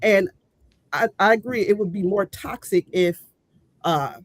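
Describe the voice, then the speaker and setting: A woman's voice: medium pitch, unhurried, no room sound. A woman co-hosting a casual panel debate, blunt and outspoken. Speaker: co-host.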